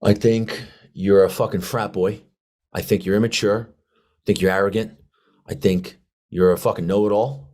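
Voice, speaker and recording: Man quoting a profane, defiant staff sergeant, low voice, dead-level bluntness. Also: fairly even intonation, normal speed, a little mellow, close to an everyday voice. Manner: profane, confrontational. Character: blunt fed-up male Marine staff sergeant.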